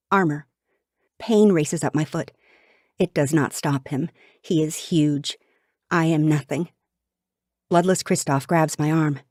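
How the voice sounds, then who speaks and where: Low-voiced woman reading a dramatic audiobook. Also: a little mellow, no echo, studio quality. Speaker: audiobook narrator. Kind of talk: scripted first-person audiobook narration.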